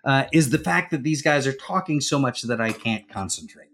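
A man's voice: mid-range voice, expressive, normal speed, fairly bright tone. A man co-hosting a comedy podcast, telling a wry story in a hesitant, filler-heavy way. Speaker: podcast co-host. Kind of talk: casual chat, storytelling.

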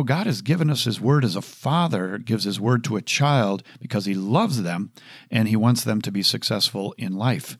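Middle-aged male podcast Bible teacher, emphatic and conversational, mid-pitched, dry close sound. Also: dry recording. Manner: emphatic, repeats verses in shifting cadences; conversational, addresses listener directly.

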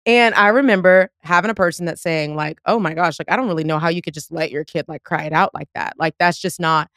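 A woman's voice: fairly low pitch, quick pace, a bit bright, dry recording, clean studio sound. A woman in her thirties hosting a podcast, chatting casually and effusively, quoting herself as she goes. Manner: effusive, talks through laughs and quotes herself. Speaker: podcast host. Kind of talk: casual chat.

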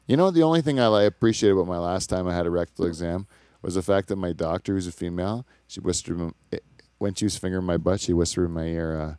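A man's voice: low voice, fast talker, a little mellow, clear, resonant tone, no echo. Rambling, crude man telling a story. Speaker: podcast host. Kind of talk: casual comedic chat.

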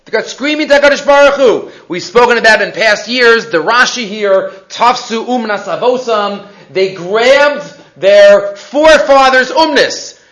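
A man teaching a Torah portion class, animated and full of rhetorical questions, mixing Hebrew terms into his English. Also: very high-pitched, measured pace, hardly any pauses, poor audio.

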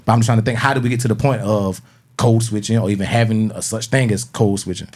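A man's voice: fairly low pitch, steady tone, fast talker, darkish tone. A man co-hosting a podcast, talking casually and animatedly, asking questions and mimicking voices. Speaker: podcast co-host. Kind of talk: casual chat.

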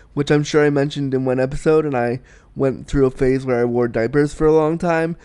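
A young man hosting a podcast, answering a listener's question in a frank, animated, self-deprecating way. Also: mid-range voice, clear, resonant tone. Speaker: podcast host. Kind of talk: candid advice chat.

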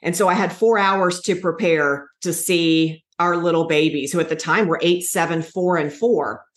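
A woman in her forties recounts a painful memory as a guest, earnest and halting, with restarts. Her voice sits a little low. The room around her rings noticeably. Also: steady tone. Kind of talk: emotional personal storytelling. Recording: echoey room.

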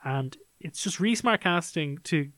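Eager higher-voiced male film critic. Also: lively intonation, moderate pace, fairly bright tone, no room sound. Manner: enthusiastic, analytical, many fillers like "like" and "um". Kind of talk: casual review discussion.

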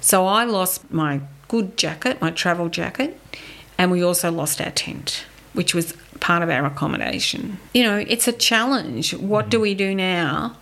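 A woman's voice: on the low side, animated, measured pace, creaky, a bit bright. A middle-aged Australian woman telling a travel story in casual podcast chat, with a vivid, anecdotal way of talking. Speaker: podcast co-host.

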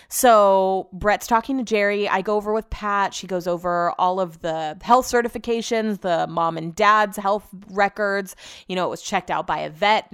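A woman's voice: mid-range voice, a bit bright, smooth. A young woman podcast host telling a long personal story in a chatty, rambling way, full of filler words. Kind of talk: casual storytelling.

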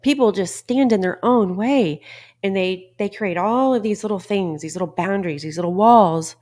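A woman's voice: medium pitch, moderate pace, darkish tone. A middle-aged woman hosting a podcast, giving a blunt, emphatic motivational monologue and swearing casually. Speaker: podcast host.

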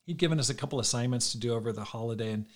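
A man's voice: mid-range voice, rapid-fire. A middle-aged man giving a sermon as a pastor, telling a personal story and acting out the dialogue. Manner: conversational storyteller, acts out quoted dialogue.

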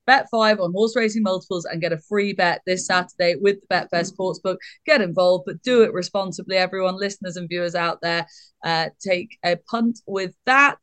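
A woman hosts a podcast in casual chat. She is teasing and brisk. Her voice sounds dry and close to the mic. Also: on the low side, a bit bright, dry recording. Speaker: podcast host.

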